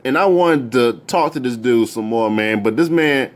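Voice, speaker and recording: Rambling man telling a story. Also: moderate pace. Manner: rambling, repeats words and restarts, jumps into high excited voices when quoting. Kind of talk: casual personal storytelling.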